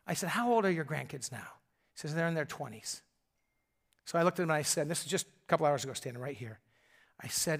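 An older man, a grandfather, preaching a sermon in a conversational, storytelling way that often drops to soft, intimate tones. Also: on the high side, quick pace, pauses often. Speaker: pastor.

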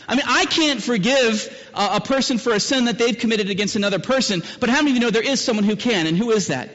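A pastor with a high voice delivers a sermon to his congregation, posing question after question. He surges into loud, emphatic peaks, then sinks low for solemn moments. The sound is muffled and trails off in a long church-hall reverb. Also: fast talker, few pauses.

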